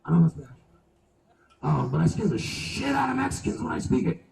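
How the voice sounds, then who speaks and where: Performing stand-up at an outdoor venue, this man has a gravelly, slightly high voice and talks fairly quickly, spinning animated stories full of crude language and swearing. He sits far from the mic, and the low-quality, reverberant recording carries a little hiss or hum.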